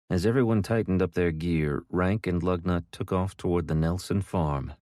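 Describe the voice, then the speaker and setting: A man reading an audiobook in a steady, even narration. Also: low-pitched, normal speed, few pauses, no room sound, studio quality. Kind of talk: scripted narration.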